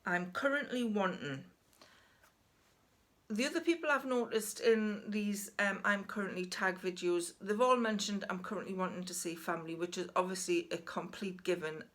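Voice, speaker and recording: A woman's voice: mid-range voice, moderate pace, fairly bright tone. A Geordie woman in her sixties, chatting casually and frankly to camera in a rambling, self-deprecating way. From North East England. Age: 60s. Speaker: vlogger.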